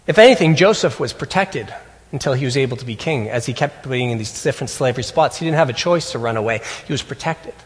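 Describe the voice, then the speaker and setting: A man preaching a sermon as a pastor, telling a personal story earnestly with halting restarts. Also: mid-range voice, animated, long reverb tail.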